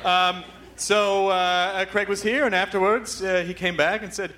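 A man's voice: high-pitched, little pitch movement, moderate pace. A man hosting a live podcast in front of an audience, talking in a hyper, rambling, profane way. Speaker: podcast host. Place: live theater stage with audience. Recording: live venue with audience noise.

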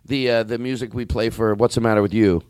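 A man's voice: fairly low pitch, fairly even intonation, quick pace, darkish tone, dry recording, faint music behind. A man hosting a comedy podcast, bantering and laughing often. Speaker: podcast host.

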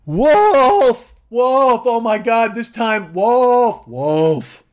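Dim smug shepherd boy, as a man puts him on, cackling, taunting, jumps high and loud, comedy bit. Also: expressive, normal speed, no room sound, clean studio sound, heavily acted. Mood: yelling.

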